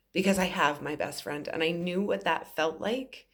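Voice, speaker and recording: A woman's voice: fairly low pitch, a little slow. A woman in her forties, a psychic medium, telling an emotional story to camera in an earnest, rambling way with many fillers. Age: 40s.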